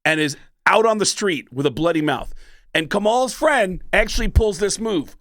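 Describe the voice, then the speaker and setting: A male comedian guest telling stories in a casual, animated way, slipping into voices as he goes. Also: high-pitched, normal speed, no room sound, studio quality. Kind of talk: casual storytelling.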